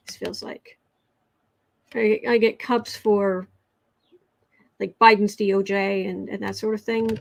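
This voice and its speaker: A woman with an American accent chats slowly through a tarot livestream. Her voice sits a little high, and she sometimes falls into a soft whisper while she reads comments aloud. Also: vocal fry, a little hiss or hum. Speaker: tarot reader and livestream host. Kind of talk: casual livestream chat with tarot reading.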